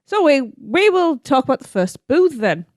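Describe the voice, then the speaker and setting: A woman's voice: high-pitched, big pitch swings, normal speed, a little mellow, no room sound, clean studio sound. A woman co-hosting a podcast in casual chat, giggly and playful, tripping over words. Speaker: podcast co-host.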